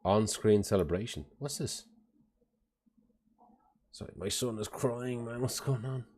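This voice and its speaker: A man's voice: mid-range voice, a little slow, a little mellow. A man chatting casually on a live stream, rambling and swearing freely, often sounding exasperated. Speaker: parent.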